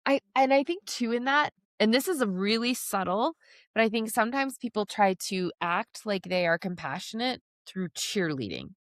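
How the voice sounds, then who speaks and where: Lively woman podcast co-host, dry sound. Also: mid-range voice, moderate pace, no room sound. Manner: lively storyteller who acts out quotes. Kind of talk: casual podcast conversation.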